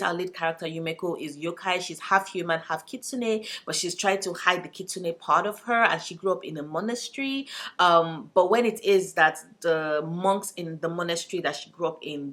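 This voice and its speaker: A young woman from Nigeria, a book vlogger chatting casually to camera, animated and profane, mock-voicing her cat. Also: on the low side.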